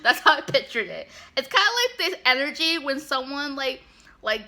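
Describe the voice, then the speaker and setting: A woman's voice: high-pitched, very animated, moderate pace, pushed and bright. A woman giving a casual, sarcastic recap full of "like" and asides, talking like a regular host. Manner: sarcastic, chatty, lots of "like". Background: music.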